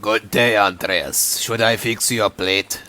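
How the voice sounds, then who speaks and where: Guy putting on a soft low village mom voice, slow and unhurried, dry mic. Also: steady tone. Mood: gentle. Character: kindly village wife and mother. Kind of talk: let's-play character voicing.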